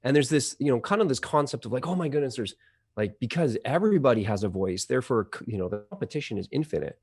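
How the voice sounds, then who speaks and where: A man's voice: mid-range voice, fast talker, breathy edge. Chatty man explaining with many fillers. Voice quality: trained audio engineer. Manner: animated explainer, lots of fillers and restarts. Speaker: CEO of a voice-over marketplace, guest. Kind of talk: conversational interview.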